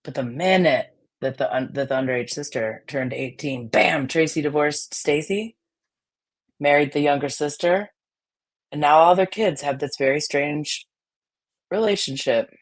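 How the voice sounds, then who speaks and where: Raspy, heated, blunt podcast voice. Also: measured pace. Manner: blunt, heated, swings loud then low. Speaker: podcast co-host. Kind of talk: casual podcast chat.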